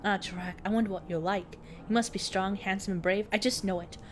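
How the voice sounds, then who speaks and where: A woman's voice: medium pitch, fairly even intonation, brisk, slight background noise, lightly acted. A woman reading a young female game character's lines aloud, swooning over a love letter. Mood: dreamy.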